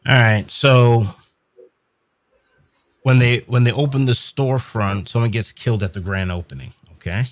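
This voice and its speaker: A man hosting a casual livestream, reading out questions in a brisk, matter-of-fact way. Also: medium pitch, steady tone, no room sound.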